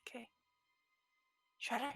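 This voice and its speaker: A woman playing a tabletop role-playing game, excitable and quick to swear. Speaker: player. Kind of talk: casual tabletop play.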